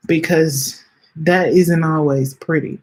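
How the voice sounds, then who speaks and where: A woman in her late twenties hosting a podcast, speaking in a heartfelt, halting way, close to tears, often repeating her phrases and talking straight to her listeners. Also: sits low, fairly even intonation. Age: late 20s. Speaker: podcast host. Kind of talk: heartfelt personal reflection.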